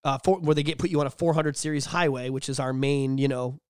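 A man's voice: medium pitch, steady tone, fast, clear, resonant tone, no room sound. A man co-hosts a casual podcast with a blunt, sarcastic, profane style. His voice sits in the middle range. He is close to the mic in a dry, dead room. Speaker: podcast co-host.

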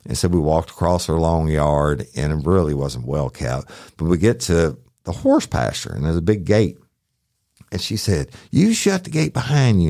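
A man's voice: very deep voice, darkish tone, no echo, clean studio sound. A man, a former sheriff's deputy, telling a true crime story in a casual, profane, folksy way, talking to listeners as y'all.

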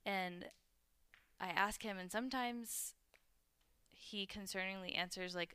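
A woman's voice: mid-range voice, a little slow, pushed and bright, clear, resonant tone, dry recording. A woman reflecting openly on her relationship in a candid conversation among friends, speaking in a vulnerable way with many "like" fillers. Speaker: podcast guest.

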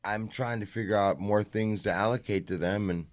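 A man's voice: fairly low pitch, steady tone, normal speed. A man co-hosting a podcast, talking earnestly in casual profane chat. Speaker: podcast co-host.

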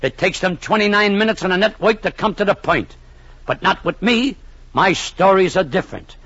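A man's voice: sits high, animated, moderate pace, fairly bright tone, husky, dry recording. A man narrating a 1940s radio comedy in a mock-pompous, long-winded way, full of grand phrasing. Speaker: comic narrator. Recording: dull old radio recording.

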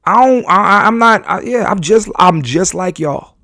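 A man's voice: sits high, expressive, normal speed, pushed and bright, no echo, clean studio sound. Fired-up man confessing on a podcast. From New York. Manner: confessional, rambling with many restarts and slang. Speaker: podcast host. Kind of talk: candid podcast monologue.

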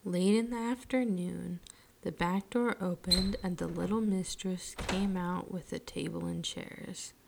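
A woman storyteller reading a children's story aloud in a slow, soothing way, dropping her voice at line ends. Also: on the low side, steady tone, vocal fry, background noise.

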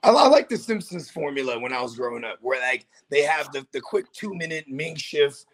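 Casting: young California man, high-pitched, loose profane co-host banter. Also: lively intonation, a little fast, a crowd in the background. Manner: laid-back, profane slang, mimics accents. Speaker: podcast co-host. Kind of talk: casual chat.

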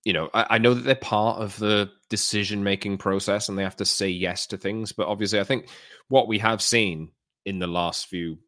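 A deep-voiced man co-hosts a football podcast, easing through his points in a measured, unhurried way. The sound is close and dry, with no room around him. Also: fairly even intonation, fairly bright tone, no room sound. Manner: measured, with fillers and restarts. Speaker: podcast co-host. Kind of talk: casual football chat.

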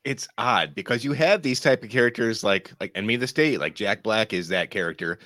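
A man's voice: fairly low pitch, lively intonation, brisk, sharp tone, no echo. A man co-hosting a casual movie review podcast, wry and blunt, often laughing. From Pennsylvania. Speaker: podcast co-host.

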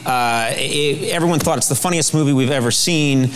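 A man's voice: medium pitch, normal speed, slight background noise. A male interviewer asking a question in an earnest, enthusiastic way.

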